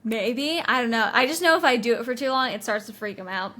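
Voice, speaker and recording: A young woman with a slightly high voice, chatting as a podcast co-host. She agrees readily and laughs easily. Her replies are quick and short. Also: expressive, bright, forceful tone. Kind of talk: casual chat.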